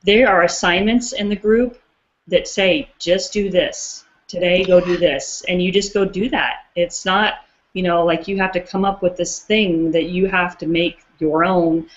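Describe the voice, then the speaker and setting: A woman co-hosting a casual chat, talking in an excitable, rambling way. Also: lowish voice, normal speed. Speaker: co-host. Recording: muffled lo-fi audio.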